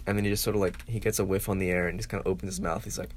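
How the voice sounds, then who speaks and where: A man's voice: low voice, fairly even intonation, very fast, slight background noise. A man in casual comedic chat, playful and riffing, often laughing.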